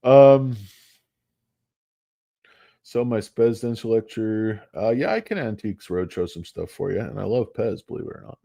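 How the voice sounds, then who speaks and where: A man's voice: lowish voice, expressive, normal speed, gravelly, long pauses, warm tone, dry recording, studio quality. A man hosting a casual livestream show about stocks, rambling, joking and poking fun at himself. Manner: joking, rambling, self-mocking.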